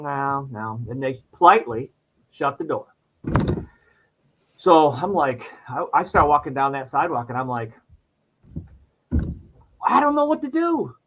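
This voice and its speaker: A man telling a personal story on a podcast in casual chat, his voice jumping high when he acts out his younger self. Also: muffled recording, noisy background. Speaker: podcast guest.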